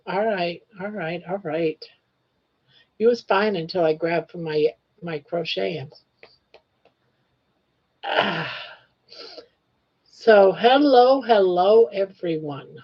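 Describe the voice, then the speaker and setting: A woman's voice: lowish voice, takes it slowly, long pauses, slightly rough. An older woman hosting a live crochet stream, chatting fondly with her pet and greeting viewers. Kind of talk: casual live-stream chat. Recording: dull lo-fi live stream audio.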